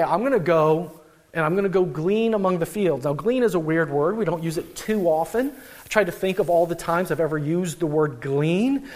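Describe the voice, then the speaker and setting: A young adult man, a pastor, giving a conversational, animated sermon with frequent restarts. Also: on the high side.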